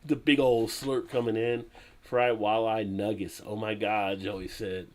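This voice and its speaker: A man's voice: fairly low pitch, little pitch movement, unhurried, darkish tone. A man hosting a live stream in a casual chat. He reads viewer comments aloud, greets people and laughs often.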